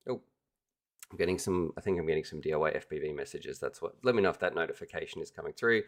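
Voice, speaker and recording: Low-voiced man hosting a livestream. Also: fast talker. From Australia. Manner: enthusiastic, chatty, addresses viewers directly. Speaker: livestream host. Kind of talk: casual livestream chat.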